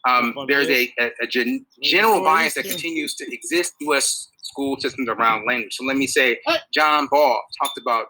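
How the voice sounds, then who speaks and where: A man giving a public talk to an audience, animated and full of rhetorical questions. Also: medium pitch, moderate pace, hardly any pauses, a little hiss or hum, low-quality recording. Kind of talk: public lecture.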